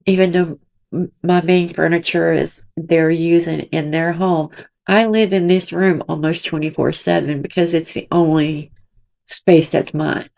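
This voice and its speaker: A woman in middle age talks to her commentary channel from a cramped room at home. Her voice is gravelly and sits a little low, and she speaks at a slow, dragging pace. She sounds indignant and emotional, rambling as she goes. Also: darkish tone.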